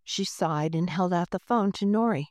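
A woman narrating a children's storybook in a gentle, unhurried reading voice, lightly voicing the characters. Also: on the low side, no echo, clean studio sound. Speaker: audiobook narrator.

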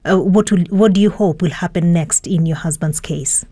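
A woman presenting live radio news and interviewing a guest, measured, clear and composed. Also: fairly low pitch, dark tone.

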